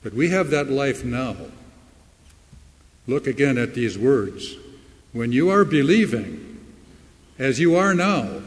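A man preaching a sermon, slow and emphatic, leaning hard into key words. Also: mid-range voice, in a large hall. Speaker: pastor.

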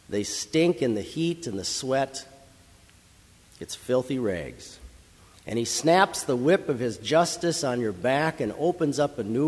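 A man preaching a sermon, telling a story in an earnest, dramatic way that builds to loud emphasis. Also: mid-range voice. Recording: long hall reverb.

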